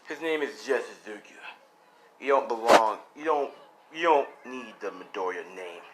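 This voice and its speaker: A man's voice: mid-range voice, expressive, moderate pace, very noisy, natural voice. A man doing a cold, gloating cruel father. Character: cruel middle-aged father selling his son.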